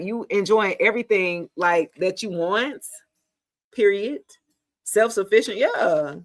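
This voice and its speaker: A woman, giving a casual live tarot reading in a chatty, animated, slangy way, talking straight to her viewers. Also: medium pitch. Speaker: tarot reader.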